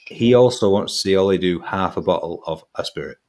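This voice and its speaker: A man hosting a rowdy live show, swearing and bantering loudly. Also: low-pitched, a little fast. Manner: swearing, loud, animated, laughing. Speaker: podcast host.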